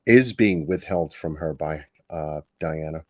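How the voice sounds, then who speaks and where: A man's voice: rumbling low, a little slow, no room sound, studio quality. A man co-hosting a livestream, speaking hesitantly with fillers.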